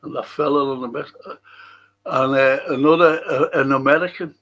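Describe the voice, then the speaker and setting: Gravelly-voiced Scouse man. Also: medium pitch, normal speed, a bit bright. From Liverpool, England. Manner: rambling, chatty, swears a lot. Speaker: host. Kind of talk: casual film review chat.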